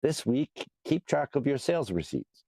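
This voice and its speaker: A man under the weather with a hoarse, gravelly voice, reading a horoscope on a podcast in a halting way. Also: mid-range voice, very animated, mellow, a little hiss or hum. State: hoarse from a cold. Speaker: podcast guest co-host.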